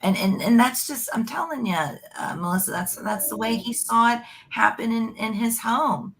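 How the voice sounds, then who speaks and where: A woman's voice: on the high side, normal speed, background noise. A woman psychic giving a live online reading in a chatty, rambling way, and calling the listener "honey".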